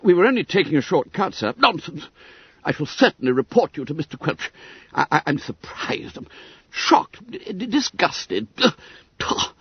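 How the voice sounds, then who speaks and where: A man's voice: high-pitched, sing-song, fast talker, hardly any pauses, breathy edge, no echo, pitched above the performer's own voice, full character voice. A man voicing a small, fussy middle-aged male school secretary who is breathless, pompous and stammering. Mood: indignant. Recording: dull, dry audiobook recording.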